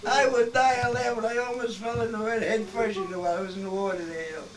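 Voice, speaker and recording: A man's voice: high-pitched, fairly even intonation, quick pace. A man in his eighties telling old stories in a rambling, salty way, chuckling through his tales at a family gathering. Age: 80s. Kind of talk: casual storytelling. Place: family birthday gathering at home. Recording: distant home-video recording with background noise.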